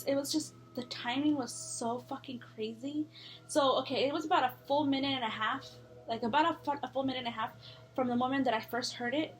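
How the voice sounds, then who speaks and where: A young woman telling a scary story in a casual, rambling way, full of fillers and swearing. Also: sits high.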